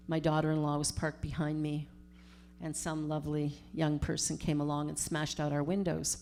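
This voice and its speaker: A middle-aged woman, a minister giving a storytelling sermon in a conversational, animated way. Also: low-pitched, gravelly, slight background noise. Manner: conversational, animated retelling with acted-out quotes.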